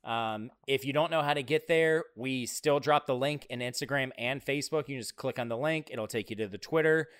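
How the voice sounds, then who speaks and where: A man's voice: mid-range voice, brisk, hardly any pauses, a bit bright, clear, resonant tone, no room sound, studio quality. A man co-hosting a casual podcast, patiently explaining how to vote. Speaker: podcast co-host.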